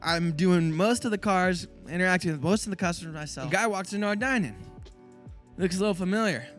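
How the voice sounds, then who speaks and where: A man who owns a small business, telling a story in a casual, animated way. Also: high voice, faint music behind. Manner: animated, fast-talking.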